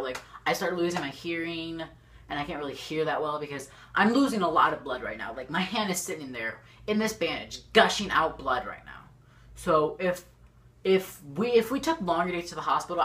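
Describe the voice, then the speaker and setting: In a storytime vlog, a teenage YouTuber with a low, deep-set voice talks fairly quickly to the camera in front of her. She rambles, bursts with excitement, fills her speech with "like," and keeps restarting.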